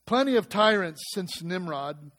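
Male pastor, high pitch, animated delivery with questions and jokes, sermon. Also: a little slow. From United States.

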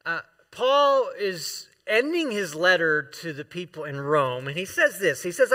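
Man, guest preacher, sermon, heartfelt, halting with restarts, bright tone. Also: high voice, big pitch swings. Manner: heartfelt, emotional, with many fillers and restarts; reads scripture aloud to the congregation. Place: church sanctuary.

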